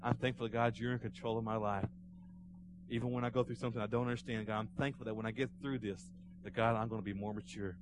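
A pastor delivering a Sunday sermon in a church, telling a story with rising fervor and then dropping to a hushed close. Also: male voice, fairly low pitch, steady tone, fast talker, noisy background. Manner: storytelling, swelling to fervent emphasis then hushed prayer. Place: church sanctuary.

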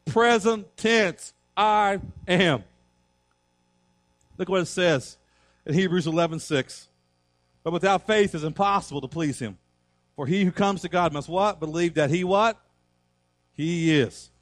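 A man's voice: sits high, a little slow, long pauses, dry recording, soft background music. A man preaching a sermon as a pastor in church, emphatic and repetitive, quoting scripture.

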